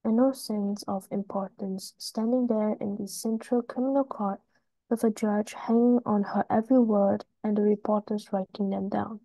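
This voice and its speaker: A woman reading a story text aloud in class, steady and even. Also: medium pitch, normal speed, no room sound, rough recording.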